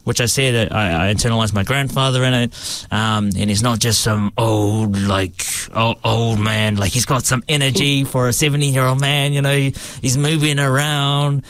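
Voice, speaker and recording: A man's voice: medium pitch, steady tone, moderate pace, few pauses, a bit bright. A young man, a stage actor answering interview questions in a hesitant way, with many fillers and restarts.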